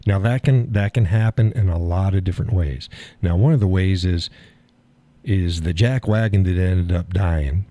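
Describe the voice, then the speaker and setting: A low-pitched man with a dark tone chats casually while hosting a live stream, recorded with no echo. Folksy and blunt, he laughs frequently and swears without much thought.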